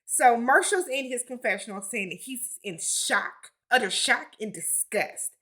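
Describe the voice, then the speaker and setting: A woman's voice: on the high side, expressive, a little slow, pushed and bright. A woman giving a casual recap of a reality TV episode, with sassy, blunt commentary and slangy asides.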